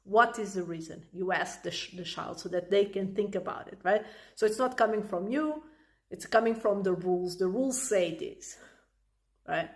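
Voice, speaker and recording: A woman's voice: medium pitch, normal speed, a little mellow. A woman parenting coach explaining advice in a casual, chatty way, with frequent "like" and "right?" fillers. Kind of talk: casual explanatory talk to camera.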